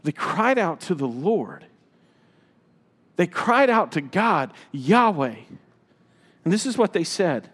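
Man, pastor, high voice, emphatic sermon, repeats phrases, long hall reverb. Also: sing-song, takes it slowly, long pauses, a bit bright, slightly rough.

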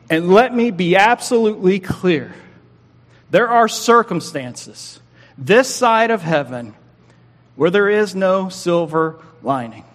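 A man in his forties, a pastor delivering an earnest sermon with emphatic, slowly paced pauses. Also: a little high. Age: 40s. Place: church sanctuary. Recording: long hall reverb.

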